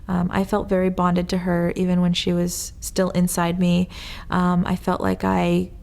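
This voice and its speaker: A woman speaking as a mother in an interview, in a low, level voice with heavy vocal fry. She talks in a calm, soft-spoken way. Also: measured pace.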